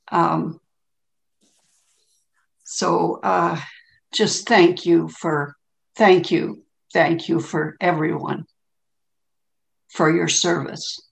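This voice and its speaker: Woman, emotional meeting share, halting and gravelly, slow. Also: on the low side. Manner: halting, many ums, tearful. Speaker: meeting participant sharing. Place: home, on a video call. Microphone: video call.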